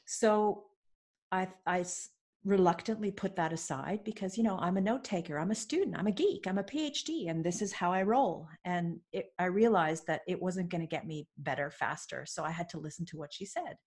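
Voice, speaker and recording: Canadian-raised woman guest, low husky voice, lively self-mocking anecdotes, casual interview. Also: moderate pace. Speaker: podcast guest, business coach.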